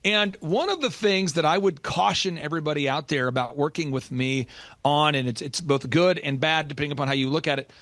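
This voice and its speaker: A man's voice: on the high side, fairly quick, fairly bright tone, no room sound. A man talking as a business coach on a podcast, emphatic and urgent, repeating key lines for stress. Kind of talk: motivational podcast talk.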